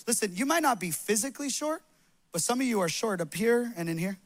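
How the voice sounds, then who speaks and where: A young male pastor preaches with a very high voice and a bright, ringing edge. He speaks loudly and with animated passion in a church hall, pushing his congregation to act. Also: fast. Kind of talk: sermon.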